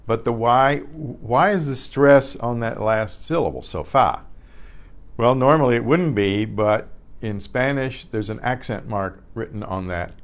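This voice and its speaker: Older man, slow deliberate delivery and a lowish voice, teaching beginners patiently and repeating each word. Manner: patient, repeats each word several times with clear emphasis. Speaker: Spanish teacher. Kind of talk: slow beginner language lesson. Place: community center class for seniors.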